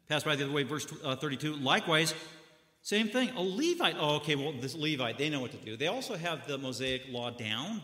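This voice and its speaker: A man preaching a sermon, telling the story dramatically with sudden loud bursts and hushed drops. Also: a little high, roomy sound, in a large hall.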